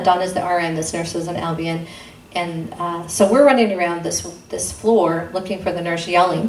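Woman, lowish voice, earnest testimony, roomy distant mic. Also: fairly even intonation, normal speed, hardly any pauses, darkish tone. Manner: earnest, re-enacts dialogue with sudden pitch jumps. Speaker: guest speaker sharing testimony. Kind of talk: personal testimony storytelling. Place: intimate church gathering room. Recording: roomy sound from a distant mic, faint noise.

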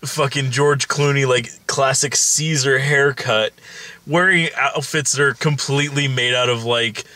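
A man's voice: medium pitch, steady tone, unhurried, sharp tone, no echo. A man co-hosting a casual film review, rambling with lots of fillers and casual swearing.

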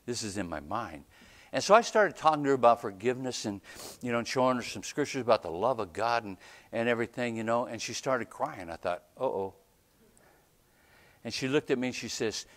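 A man preaching a storytelling sermon as a pastor, animated, often checking in with "right?" and laughing between lines. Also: mid-range voice, fairly quick. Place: church.

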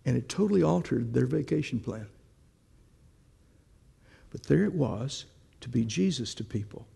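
Preacher guy, gravelly husky voice, chatty sermon, keeps asking the crowd questions. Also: mid-range voice, animated, moderate pace, mellow, long reverb tail. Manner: conversational, asks the congregation questions. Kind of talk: sermon with storytelling.

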